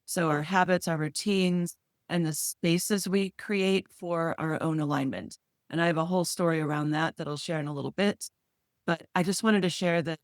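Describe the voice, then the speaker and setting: A woman, a podcast co-host, speaking calmly and at a measured pace about alignment and intentions in reflective talk. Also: sits low, no echo, studio quality. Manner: calm, measured, speaks in wellness terms.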